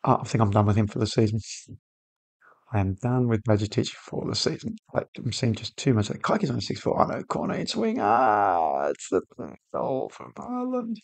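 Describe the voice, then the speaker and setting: Fairly quick and creaky, with a lowish pitch, a gaming channel host talks casually through a football management game. The match on screen winds him up, and he excitedly shouts at the players.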